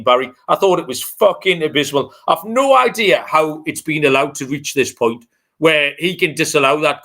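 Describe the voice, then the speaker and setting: A man, co-hosting a podcast in loose, casual chat. His voice is bright and a touch high, and he rants bluntly with plenty of swearing. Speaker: podcast co-host.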